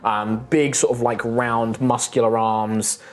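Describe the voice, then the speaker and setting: A man's voice: medium pitch, little pitch movement, slow pace. A man narrating as game master of a tabletop game, describing scenes loosely with lots of fillers.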